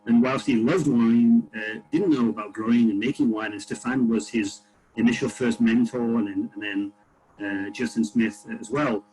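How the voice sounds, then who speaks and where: A man at an ordinary middle pitch tells a long winery story on a video call. He speaks from outdoors in a vineyard. He rambles, with frequent fillers and restarts. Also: steady tone, normal speed, a little mellow, faint music behind, poor audio. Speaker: winery panelist. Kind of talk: casual video-call chat. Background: tractor passing.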